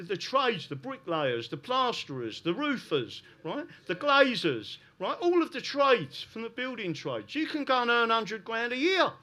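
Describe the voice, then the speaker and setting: A man with a South London accent speaks to a live audience with heavy emphasis. His voice sits a little high and rings brightly. He keeps driving his points home with a quick "right?". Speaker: guest speaker. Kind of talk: live podcast talk to an audience.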